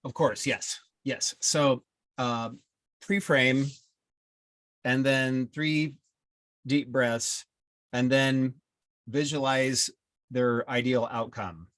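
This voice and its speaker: A man who is a group member in a casual group discussion, speaking hesitantly and halting as he goes. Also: medium pitch, fairly even intonation, fairly bright tone, dry recording. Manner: hesitant, halting, restarts often.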